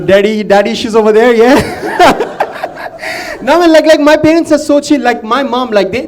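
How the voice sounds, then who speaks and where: A man from India doing a chatty stand-up set, teasing the crowd. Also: darkish tone. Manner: chatty, teasing the crowd, drops low to mimic his father. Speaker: stand-up comedian.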